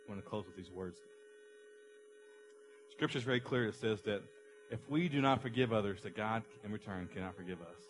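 A man's voice: on the low side, a little fast, pauses often. A middle-aged man preaching a passionate sermon as a pastor, acting out an illustration with someone from the congregation.

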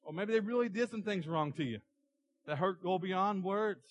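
A man preaching a sermon to his church, animated as he tells stories and acts out characters. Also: high-pitched, normal speed, highs cut off. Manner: animated storytelling, acting out characters in the parable. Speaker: pastor.

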